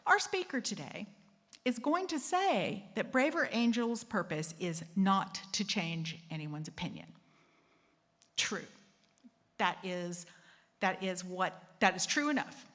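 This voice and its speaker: A woman's voice: on the low side, in a large hall. A woman hosting a secular assembly, talking conversationally, joking about herself and acting out quotes. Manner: conversational, self-deprecating, acts out quotes. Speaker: host.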